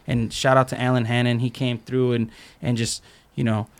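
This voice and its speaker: Speaking at a moderate pace in a mid-range voice with little pitch movement, this man is a skate filmer guesting on a podcast. His casual chat is full of stories, acted-out quotes, and plenty of "like" filler.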